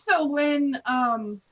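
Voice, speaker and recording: A woman's voice: sits high, drawn-out words, a bit bright. A woman playing in a tabletop game, hesitant and laughing as she thinks aloud. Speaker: player. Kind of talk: casual role-play chat. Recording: dull lo-fi mic.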